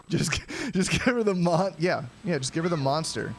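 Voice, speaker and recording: A young man casually commenting on his own gameplay during a live stream, rambling and chatty, often clearing his throat. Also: a little high. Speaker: game streamer. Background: game music.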